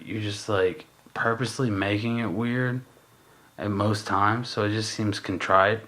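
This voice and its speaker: A man's voice: on the low side, fairly even intonation, a little slow, a bit bright. A man co-hosting a podcast in casual chat, musing and rambling with lots of fillers and swearing. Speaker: podcast co-host.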